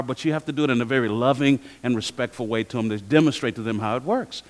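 A man preaching a sermon as pastor, acting out both sides of conversations in a lively way. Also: a little high. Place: church hall. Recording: long hall reverb.

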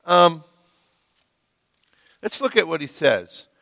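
A man preaching a sermon as the pastor of a church, slow and emphatic, leaning hard on key words. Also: fairly high pitch, animated. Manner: slow, emphatic preaching with rising, loud stresses. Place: church sanctuary. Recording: long reverb of a church hall.

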